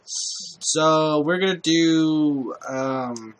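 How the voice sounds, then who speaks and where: A man's voice: a little high, drawn-out words, a little hiss or hum. A man giving casual let's-play commentary, talking to himself while he plays and swearing often. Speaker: gameplay commentator.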